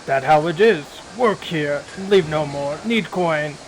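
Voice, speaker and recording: A man voicing a downtrodden male orc factory laborer who talks in loud, broken grunts. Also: on the high side, slow, a little hiss or hum, rough recording. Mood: surly.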